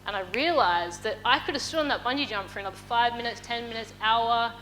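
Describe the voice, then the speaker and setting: Bright-voiced Australian woman telling a story on stage. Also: on the high side, brisk, a little hiss or hum, poor audio. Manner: lively, candid storytelling with casual swearing. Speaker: motivational speaker. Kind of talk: keynote storytelling talk. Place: festival stage.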